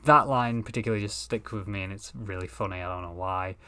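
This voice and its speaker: A man's voice: on the low side, fast talker, sharp tone, smooth. A man co-hosting a casual podcast, tired and yawning after an early start at work, mostly reacting easygoingly. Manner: easygoing and reactive, short agreeing replies. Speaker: podcast co-host. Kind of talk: casual chat.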